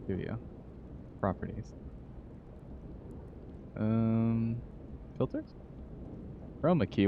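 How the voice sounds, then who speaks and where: A man hosting a relaxed live stream, greeting chat and laughing often as he talks. His voice sits low and moves slowly. A faint hum of noise runs underneath.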